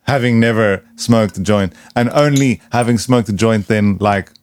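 Laid-back man, very deep voice. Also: normal speed, darkish tone, clean tone. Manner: laid-back, says "dude" a lot. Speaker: podcast host. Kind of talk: casual chat. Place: studio.

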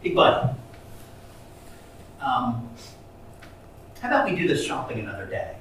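A man voicing a patient father who coaxes his little son gently, in a sermon story. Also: high-pitched, lively intonation, normal speed, slight background noise. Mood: coaxing. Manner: gentle, coaxing. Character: patient father of a small boy. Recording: echoey room from far off.

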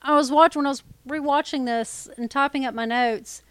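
A woman co-hosting a podcast in casual chat, tossing in wry, quick-witted asides and pop-culture references. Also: high voice, steady tone, a bit bright, no room sound. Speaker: podcast co-host.

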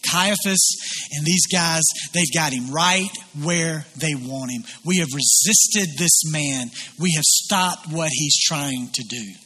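A man's voice: a little high, slow, pushed and bright, husky. A man preaching a sermon, retelling a biblical scene and voicing its people as he goes. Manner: storytelling with voiced quotes of biblical figures. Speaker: pastor.

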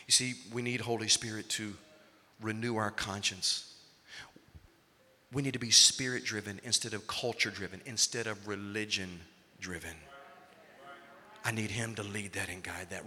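A male pastor preaching a sermon, moving between quiet, intimate stretches and loud, urgent ones. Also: lowish voice, steady tone, moderate pace, pauses often, big-room sound.

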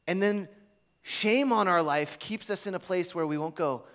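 A man's voice: a little high, animated, a little fast, a bit bright. Casual conversational male preacher. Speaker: pastor. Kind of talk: sermon.

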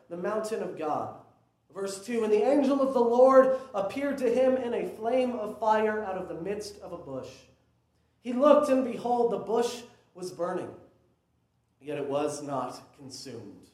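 A man's voice: sits high, darkish tone, roomy sound. A young man preaching a conversational sermon that builds to emphatic peaks. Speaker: pastor.

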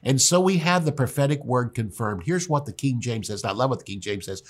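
A man preaching a sermon, animated, acting out the voices he quotes. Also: mid-range voice, a little fast. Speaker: pastor.

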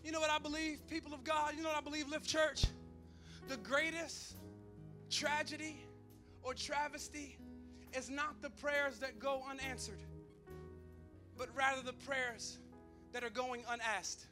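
High bright-voiced preaching man. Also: level tone, a little slow, long pauses, soft background music. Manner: emphatic preaching with call-outs to the congregation; conversational storytelling with humor. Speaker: pastor. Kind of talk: sermon.

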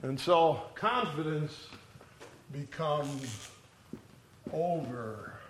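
A man's voice: on the high side, animated, slow, fairly bright tone, slight background noise. A man preaching a conversational sermon, reading scripture aloud and often checking in with his listeners. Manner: conversational Bible teaching, reads scripture aloud; often checks in with "all right?".

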